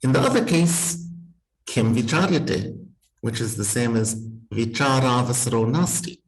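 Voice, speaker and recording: A man's voice: mid-range voice, animated, unhurried, poor audio. A man teaching as a university Sanskrit professor, thinking aloud with careful restarts and small laughs, talking over a video call. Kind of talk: university text-reading seminar.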